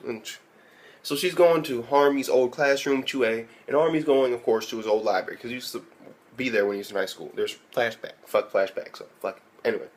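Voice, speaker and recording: A man's voice: medium pitch, fairly quick. A man recapping an anime episode in a casual, profane way, often incredulous and laughing as he retells it. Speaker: anime reviewer.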